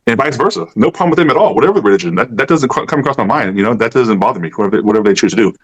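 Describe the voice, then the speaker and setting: A man's voice: mid-range voice, expressive, very fast, husky, highs cut off. A man co-hosting a casual talk podcast, speaking earnestly and rambling, with frequent "right?" and "you know". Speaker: podcast co-host. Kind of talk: casual conversation.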